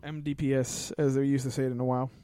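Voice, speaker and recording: A man narrates a tabletop role-playing session as its game master. He lays out each scene in a loose, rambling way and leans on "like" and "kinda". His voice is mellow and dry, with a middling pitch. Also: level tone, fast talker, no room sound.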